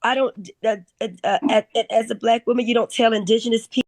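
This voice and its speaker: A woman with a high voice speaks angrily, tripping over her words in quick restarts. Her voice sounds close and dry, with no room around it. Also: flat delivery, a little mellow, no room sound. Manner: angry, rapid, stumbling restarts. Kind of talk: heated live-stream talk.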